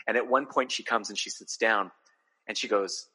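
A man's voice: fairly low pitch, normal speed, slightly rough. A man from Southern New Jersey, a podcast guest who tells stories casually and laughs easily. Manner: laughing storyteller, relaxed. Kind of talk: casual chat.

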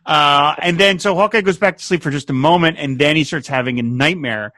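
Bright-voiced man recapping a TV episode. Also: fairly high pitch, fairly quick, dry recording. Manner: animated retelling, quotes characters in playful voices. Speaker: podcast co-host. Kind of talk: casual TV episode recap chat.

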